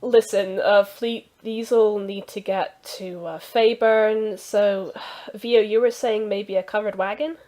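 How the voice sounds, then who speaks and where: A woman voicing a cheerful, fussy male village healer who talks loudly and eagerly. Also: mid-range voice, steady tone, takes it slowly, few pauses, natural voice. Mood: brisk. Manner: loud, hearty and eager.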